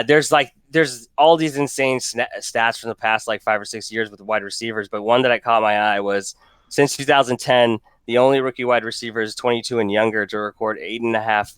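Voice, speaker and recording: A man's voice: mid-range voice, moderate pace, a bit bright, smooth, no echo. A man co-hosting a podcast in a casual, joking chat that rambles with restarts. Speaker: podcast co-host. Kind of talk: casual fantasy football chat.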